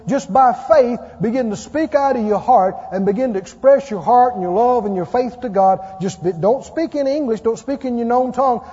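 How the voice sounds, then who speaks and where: A man's voice: high voice, warm tone, husky. A man preaching a sermon and leading an altar call, emphatic and pleading in a repetitive preaching cadence. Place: church sanctuary. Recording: dull echoey church recording.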